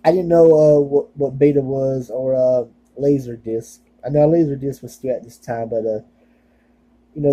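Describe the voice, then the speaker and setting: A young man talks to his channel in a loose, rambling way. He leans on fillers and self-deprecating asides. His voice is very dark and mellow, with a husky edge. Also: medium pitch, low-quality recording. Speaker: vlogger. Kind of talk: casual rambling video monologue.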